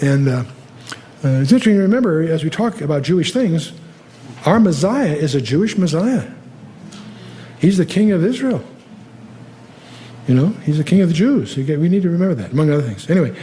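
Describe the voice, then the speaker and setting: An older man teaching the Bible verse by verse in a conversational way, often pausing with fillers and lifting his voice to read scripture aloud. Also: a little high, expressive, warm tone. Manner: conversational, reads scripture aloud with rising emphasis, frequent fillers.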